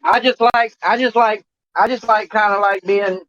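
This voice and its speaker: A man rambles through a crude talk show chat, halting and restarting, swearing freely. His voice sits a little high for a man. The recording is dry and dull, like a cheap mic. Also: steady tone, fairly bright tone, dry recording.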